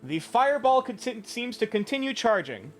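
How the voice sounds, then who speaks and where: A man running a tabletop game as game master, animated and sometimes hesitant as he checks rulings. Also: extremely high pitch, moderate pace, faint music behind.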